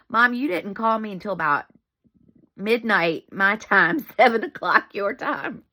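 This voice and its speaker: A woman's voice: mid-range voice, unhurried, bright, forceful tone. A middle-aged woman telling a family story in a casual vlog, chatty and laughing often.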